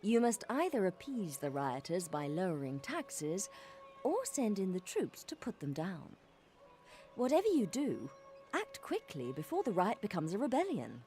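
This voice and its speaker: A woman voicing a formal female game advisor, delivering measured scripted warnings. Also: medium pitch, huge pitch swings, mellow, soft background music.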